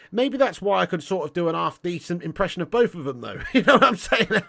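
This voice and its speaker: A man's voice: high-pitched, big pitch swings, fairly quick, vocal fry, few pauses, a bit bright. A young man from Dorset, hosting a casual football livestream and reading comments with sweary, jokey banter. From Dorset, England. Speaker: football channel host.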